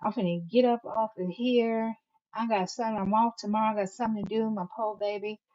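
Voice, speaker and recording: A woman's voice: medium pitch, steady tone, fairly quick. Sassy woman host reading live comments. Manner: sassy, emphatic, reads comments aloud. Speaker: channel host. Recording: dull lo-fi stream audio.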